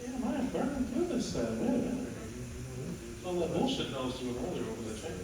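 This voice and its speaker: Musician guy cracking jokes between songs, lively voice, big echoey hall, kinda noisy. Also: a little high, quick pace. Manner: loose, joking, profane, animated storytelling. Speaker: musician performing a live set. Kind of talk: casual stage banter between songs. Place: live music hall stage. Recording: echoey live hall, distant mic, noisy.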